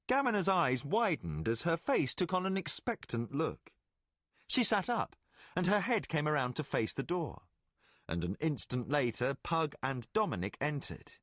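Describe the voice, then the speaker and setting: A man narrating a fantasy audiobook in an expressive, storytelling way. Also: on the high side, unhurried, dry recording, clean studio sound.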